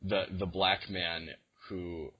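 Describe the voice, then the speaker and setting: A young man co-hosts a podcast in casual chat, rambling through his stories with plenty of fillers and false starts. His voice sits low and a bit husky, and the recording sounds dull and lo-fi. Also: flat delivery, slow pace. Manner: rambling storyteller with many fillers and restarts. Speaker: podcast co-host.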